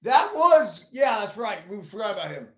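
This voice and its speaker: High-voiced man in profane sports chat. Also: very animated, normal speed, fairly bright tone, roomy sound. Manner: loose, profane, explains with gestures.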